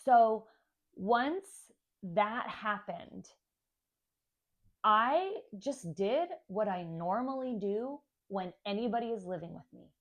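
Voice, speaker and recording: A woman's voice: medium pitch, animated, takes it slowly, lo-fi sound. Young woman vlogger, candid and chatty, telling her family story to camera. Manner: candid, chatty, acts out kids' voices. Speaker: stepmom vlogger.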